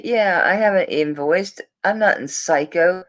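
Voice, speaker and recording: A woman's voice: lowish voice, a little slow. A woman selling jewelry on a live stream, chatting to viewers in a flustered, rambling way while she searches through orders.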